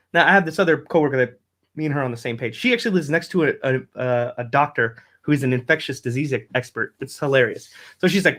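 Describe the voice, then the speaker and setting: A man's voice: mid-range voice, fast talker, a bit bright. A man, hosting a casual live-stream podcast, rambling, cursing and laughing often as he reads out viewer comments. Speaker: podcast host.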